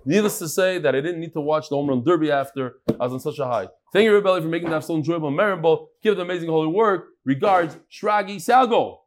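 A man leading a daily Talmud class in front of a live audience, reading out messages and joking with the room in an animated way. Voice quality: animated, jokey, quick shifts in pitch.

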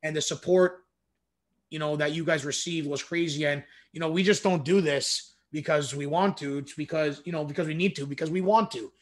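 A man's voice: fairly high pitch, steady tone, a little fast. A man hosting an interview, asking long, rambling questions that often stop and restart. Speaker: host. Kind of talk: casual interview.

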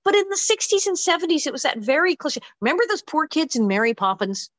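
An older actress talks in a fairly high voice, recorded dry and close with no room sound. She tells her story with energy and quick asides, and acts out the people she describes. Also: big pitch swings, fairly bright tone, no room sound, poor audio. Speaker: actress guest. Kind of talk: animated anecdote telling.

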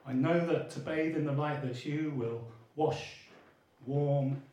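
A man's voice: fairly high pitch, steady tone, slow, warm tone. A man poet giving an earnest, lyrical poetry reading. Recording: echoey room.

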